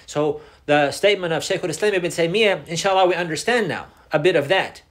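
Male teacher, slightly high voice, classroom lesson style, repeats key points and quizzes students. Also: a little fast, fairly bright tone. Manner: mixes Arabic phrases into English. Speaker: Islamic teacher.

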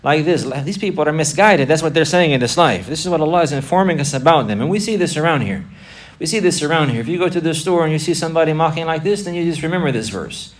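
A man giving a religious lesson in English, repeating himself with halting restarts, quickly reciting Arabic verses and mimicking mockers in a raised voice. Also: mid-range voice. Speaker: Islamic teacher. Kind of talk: religious lesson explaining a book.

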